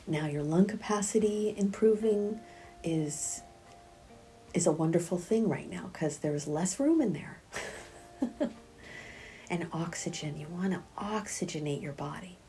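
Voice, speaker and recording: A middle-aged woman teaching a prenatal yoga class, speaking gently and softly, often half-whispered, and counting breaths aloud. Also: lowish voice, expressive, unhurried, pauses often, soft background music. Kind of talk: guided yoga class instruction.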